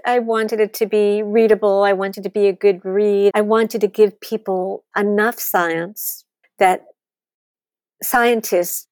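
A woman, a wine author telling candid stories as an interview guest, blunt and animated, acting out what people said. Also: mid-range voice, takes it slowly, no room sound. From United States. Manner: blunt, animated storyteller who swears and acts out quotes.

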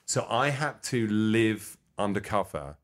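A man with a fairly low voice, a comedian guest spinning animated anecdotes in a casual interview. He tells things with lively energy in relaxed conversation. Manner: animated, quick to slip into voices.

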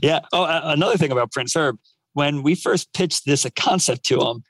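A man's voice: a little high, a little fast, no echo, rough recording. A man co-hosting a casual podcast chat, telling stories with energy and breaking into laughter along the way. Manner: animated storyteller, laughs mid-story. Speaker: podcast co-host.

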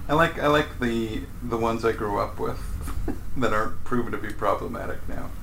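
A man's voice: normal speed, creaky, a bit bright. A man chatting casually on a podcast in a laid-back, playful way. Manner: laid-back, playful, puts on a high sing-song voice for his cat. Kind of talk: casual chat. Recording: roomy sound with faint ambient noise.

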